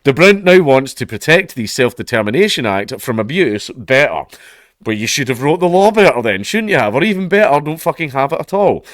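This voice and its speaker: A man's voice: medium pitch, very animated, a little fast, fairly bright tone, dry recording, studio quality. A Scottish man reading out news stories and adding sarcastic, profane remarks with laughing asides. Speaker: commentator.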